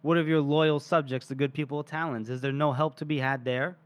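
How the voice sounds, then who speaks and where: A man's voice: fairly high pitch, fairly even intonation, brisk, no room sound, lightly acted. A man reading as a weary, sardonic old mercenary captain. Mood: wry. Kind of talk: reading quoted dialogue from a novel.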